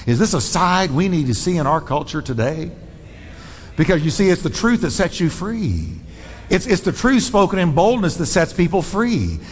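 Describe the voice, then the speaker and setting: A high-pitched man preaches a bold, emphatic sermon. He presses his points hard and speeds up and slows down from line to line. His voice rings out with the long reverb of a large church hall. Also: very animated. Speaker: pastor.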